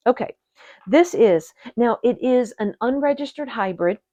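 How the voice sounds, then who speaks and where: A woman hosting an orchid channel, chatting to her viewers in a gushing, excitable way while unboxing at a table indoors. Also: fairly high pitch, no room sound, lo-fi sound. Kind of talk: casual unboxing chat to viewers. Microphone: camera set on the table.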